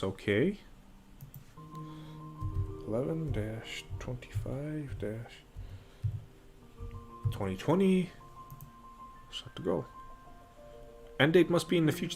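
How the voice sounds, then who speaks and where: A man's voice: on the high side, darkish tone. A man hosting a casual live stream at home, muttering to himself as he works and tossing off dry, sarcastic asides. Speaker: livestream host.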